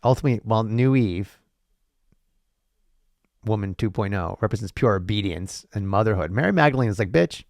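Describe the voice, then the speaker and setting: A man's voice: on the low side, brisk, long pauses, a little mellow, no echo, clean studio sound. A man hosting a solo podcast monologue, rambling with profane, sarcastic asides and frequent restarts. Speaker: podcast host.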